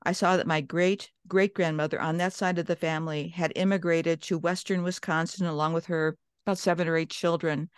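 A woman's voice: fairly low pitch, level tone, fairly quick, few pauses, clean tone, no echo, studio quality. A woman from Minnesota telling a long personal story as an interview guest, chatty, with restarts and quoted inner thoughts.

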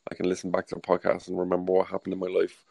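A man in his thirties with an Irish accent, a podcast guest speaking softly and hesitantly at home at night, rambling with many fillers. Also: low voice, completely flat delivery, very fast, gravelly, no room sound, poor audio. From Ireland. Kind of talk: casual interview chat.

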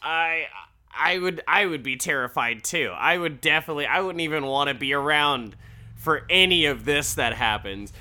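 A man casually recapping a show, animated and profane, breaking into quoted voices and laughing. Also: fairly high pitch, normal speed.

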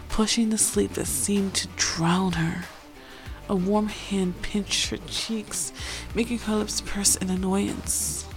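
A woman's voice: medium pitch, creaky. A woman chatting casually with fillers, then reading a romance story aloud. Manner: chatty, filler-heavy intro then steady narration. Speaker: fan fiction reader.

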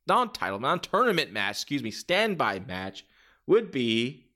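A man's voice: mid-range voice, a bit bright. A man hosting a podcast, talking casually and enthusiastically, rambling and acting out bits as he goes. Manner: rambling, enthusiastic, acts out quotes. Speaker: podcast host.

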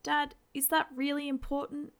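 A woman's voice: high-pitched, little pitch movement, normal speed, pitched above the performer's own voice. A woman reading the lines of a nervous, awkward teenage boy who stammers.

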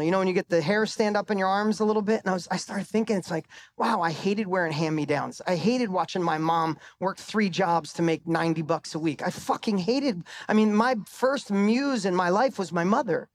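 A middle-aged man delivers a live motivational talk on stage into a microphone, talking a little fast with few pauses in a high-pitched voice. He recounts a personal story, swearing for emphasis and climbing in pitch at the punchlines.

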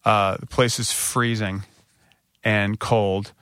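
A man in his thirties, a podcast co-host, telling a candid story and jumping up in pitch when he quotes himself. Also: takes it slowly, clean tone, no room sound, studio quality. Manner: animated retelling, voice rising when quoting himself.

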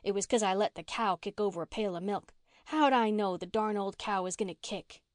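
A woman reader voices a scrappy, half-starved runaway girl of about twelve who rattles on in blunt, rough country slang, lightly acted, as in a storybook read aloud. The voice is high and carrying, fairly even in intonation and a little fast, with a chattering mood. The recording is dry and close, with no room sound.

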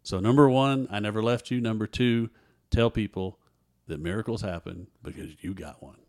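A man's voice: fairly low pitch, normal speed, a little mellow. A man, a guest earnestly telling a personal story in an interview and acting out what others said. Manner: earnest storyteller who acts out others' dialogue.

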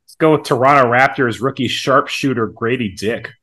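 A man co-hosting a casual podcast chat, easygoing and thinking out loud as he picks. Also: medium pitch, normal speed. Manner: easygoing, thinks aloud with fillers. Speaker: podcast co-host.

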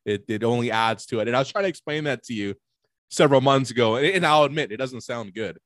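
A man's voice: mid-range voice, fast, a bit bright, no room sound, studio quality. A young man co-hosting a podcast in casual chat, rambling in a laid-back way and swearing. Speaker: podcast co-host.

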